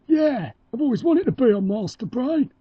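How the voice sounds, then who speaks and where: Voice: sits high, expressive, normal speed, highs cut off, slight background noise. A performer voicing a cheerful dad chicken with a put-on London Cockney accent, talking in a chirpy, slangy way. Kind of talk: amateur cartoon voice acting.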